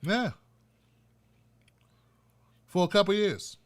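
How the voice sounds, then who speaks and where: Speaking extremely slowly with a high pitch and lively intonation, an older man hosts a ranting political commentary. The tirade is fiery and profane, delivered with a cadence like a preacher's.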